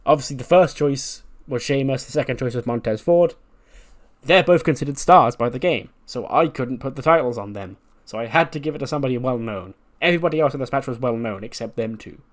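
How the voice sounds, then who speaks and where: A man's voice: medium pitch, brisk. A man narrating his wrestling management game with playful play-by-play and chuckling asides. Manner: mock commentator delivery, chuckling asides.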